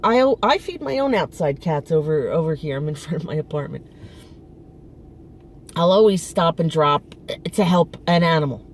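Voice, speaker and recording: A woman's voice: low-pitched, lively intonation, normal speed, slight background noise. A middle-aged woman vlogging outdoors in front of her apartment, venting with frustration and emphasis and often restarting her sentences. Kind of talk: casual personal venting.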